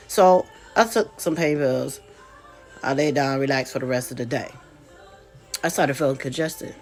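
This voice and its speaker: A woman's voice: low-pitched, unhurried, long pauses, faint music behind. A woman vlogger with a congested voice, telling a casual story straight to her viewers with chatty, folksy asides.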